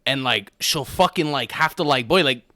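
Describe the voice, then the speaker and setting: A man co-hosting a podcast, telling stories in casual chat with an animated delivery and bursts of loud laughter. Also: medium pitch, normal speed, a little hiss or hum. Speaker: podcast co-host.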